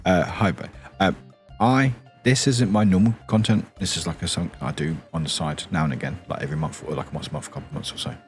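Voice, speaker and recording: Very deep-voiced British man, soft stream chat. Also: fast, faint music behind. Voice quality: deep, quiet morning voice. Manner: rambling and giggly, reads and answers chat.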